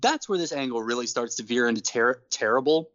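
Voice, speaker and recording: A man co-hosting a casual podcast, ranting in an animated, exasperated way and laughing between points. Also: mid-range voice, fairly quick, no echo, muffled recording. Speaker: podcast co-host. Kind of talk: casual wrestling podcast chat.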